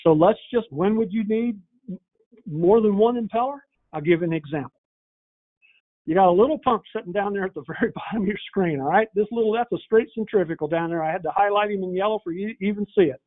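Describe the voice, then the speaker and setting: A man's voice: sits high, quick pace. A man giving a folksy training talk, telling stories and acting out conversations. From northern Indiana, USA. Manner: folksy storyteller, acts out dialogue. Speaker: pump company trainer. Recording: tinny phone-like audio.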